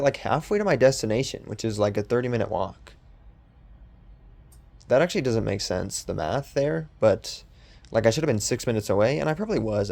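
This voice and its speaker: A man's voice: on the low side, creaky, a little mellow. Rambling young man with a sarcastic-sounding voice. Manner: meandering, with many ums and restarts. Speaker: podcast host. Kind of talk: casual rambling monologue.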